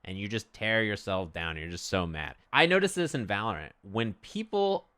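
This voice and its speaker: A man's voice: fairly low pitch, lively intonation, normal speed, bright, forceful tone. A man streaming, chatting casually and animatedly, swearing freely and acting out quotes.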